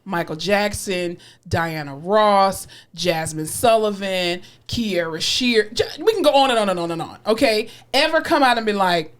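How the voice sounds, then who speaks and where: Young woman co-host, casual podcast chat, lively swooping pitch, emphatic delivery, laughs often. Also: normal speed, hardly any pauses.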